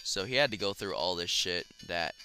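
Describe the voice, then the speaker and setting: A young man giving casual let's play commentary, profane and excitable, shouting when he fails. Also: sits low, normal speed, faint music behind. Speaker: gaming commentator.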